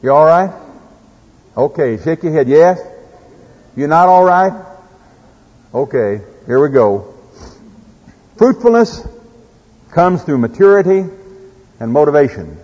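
Folksy Oklahoma preacher in an echoey hall. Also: male voice, medium pitch, darkish tone, slightly rough. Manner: folksy, preaches with farm stories and scripture. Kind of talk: sermon. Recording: echoey hall, dull lo-fi sound.

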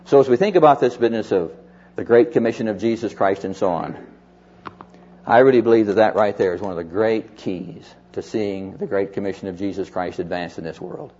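A man's voice: brisk, husky. A man preaching a sermon, telling stories of people he counselled and quoting them as he goes. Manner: animated storyteller, quotes others in lowered voice. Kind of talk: sermon with storytelling. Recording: dull lo-fi sermon recording.

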